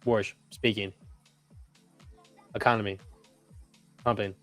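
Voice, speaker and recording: A man's voice: lowish voice, flat delivery, takes it slowly, a bit bright, soft background music. Laid-back man rattling off market prices. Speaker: co-host of a live trading stream. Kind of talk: casual chat and rapid market readout.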